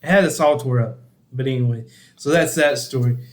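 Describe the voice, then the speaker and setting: A man's voice: mid-range voice, brisk. A young man casually telling a story on a podcast, laughing a lot and acting out other people's lines. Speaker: podcast co-host.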